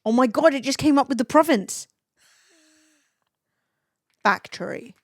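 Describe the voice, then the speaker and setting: Brief: young woman streamer, foul-mouthed, chatty, quick laughter, dry close sound. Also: sits high, no room sound. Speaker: livestreamer. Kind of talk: casual stream chat, reading chat aloud.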